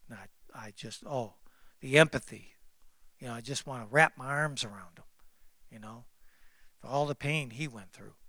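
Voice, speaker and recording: A man preaching a sermon as pastor, emphatic and repetitive, calling out to the congregation and swinging between loud exclamations and hushed confiding. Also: medium pitch, normal speed, pauses often, no room sound, studio quality. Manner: repeats phrases and calls out to the congregation.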